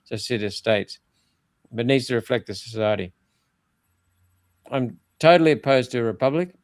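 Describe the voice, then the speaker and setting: A man's voice: medium pitch, lively intonation, moderate pace, no echo. An older man, speaking bluntly and emphatically in an interview, often restarting his phrases. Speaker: former senator interviewed as guest. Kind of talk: political interview talk.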